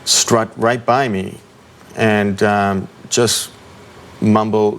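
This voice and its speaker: A middle-aged man, a guest in an interview, recounting an ordeal in a halting way with many ums and restarts. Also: fairly low pitch, flat delivery.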